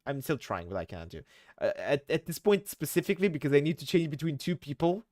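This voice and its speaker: Low, casual male streamer, dry close sound. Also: very animated, quick pace, a little mellow, no echo. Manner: self-deprecating, chuckling, casual asides. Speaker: streamer reading a webcomic aloud. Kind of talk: casual chat.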